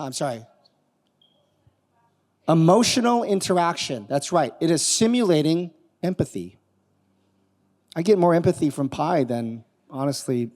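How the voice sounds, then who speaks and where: Male keynote speaker, lively audience questions, voice rather high, long hall reverb. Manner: animated, quizzing the audience. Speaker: conference speaker. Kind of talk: live keynote talk with demo. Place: conference hall on stage.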